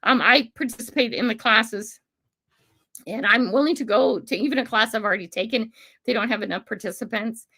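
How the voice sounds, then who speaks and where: A woman's voice: fairly high pitch, brisk, sharp tone. An older woman hosting a casual livestream, talking passionately and emphatically, rambling and laughing often. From Pacific Northwest of the USA. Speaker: livestream host.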